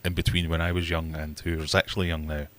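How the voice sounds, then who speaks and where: A man's voice: very deep voice, little pitch movement, fast, fairly bright tone. A middle-aged man hosting a casual livestream chat, rambling jokily with self-mocking asides and acting out other people's voices. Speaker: livestream host.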